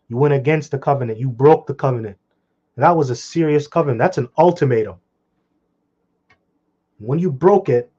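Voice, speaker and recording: Fiery, profane man teaching scripture. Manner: fiery, swinging from loud outbursts to low muttering; blunt and profane. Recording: dull lo-fi recording.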